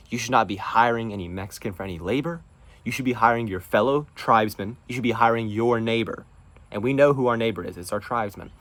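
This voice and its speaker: Ranting man, lowish voice. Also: no room sound. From North Carolina. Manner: emphatic, preachy ranting. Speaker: show host. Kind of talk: political monologue.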